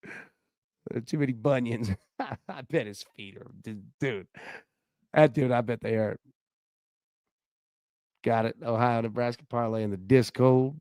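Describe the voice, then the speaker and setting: A man's voice: mid-range voice, steady tone, unhurried, pauses often, a little mellow, clear, resonant tone, no echo, clean studio sound. A man hosting a casual live-stream chat, rambling through a story with lots of fillers and restarts. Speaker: host.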